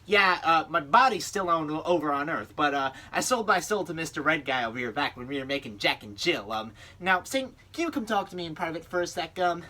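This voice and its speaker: A man's voice: a little high, lively intonation, fairly quick, few pauses, bright, forceful tone, voice pushed up. A young man doing an impression of a goofy male comedian, a laid-back bro with a loose drawl. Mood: breezy. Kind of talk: speech-team comedy performance.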